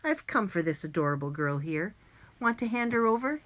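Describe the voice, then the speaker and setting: A woman's voice: mid-range voice, big pitch swings, normal speed, a bit bright. A woman voicing a sleazy grown man villain in an audiobook, talking in an oily, mocking, falsely friendly way. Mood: smug. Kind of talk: audiobook character voice.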